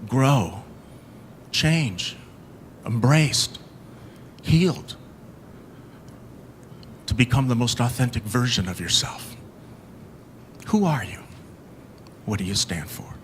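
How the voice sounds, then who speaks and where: A man giving a motivational keynote, telling stories dramatically, swinging from loud to hushed. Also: medium pitch, animated, slow pace, long pauses, slight background noise. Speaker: motivational speaker.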